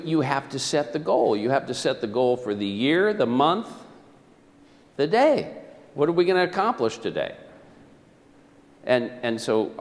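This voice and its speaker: A man giving a live motivational presentation, telling stories and firing questions at his audience. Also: a little high. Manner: animated, questions the audience, storytelling. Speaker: motivational speaker. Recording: echoey hall.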